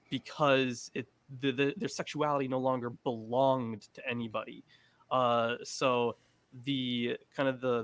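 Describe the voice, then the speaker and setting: A man's voice: mid-range voice, a bit bright. A man on a casual online panel, talking hesitantly with many fillers as he searches for the right words over a video call. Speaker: panel guest.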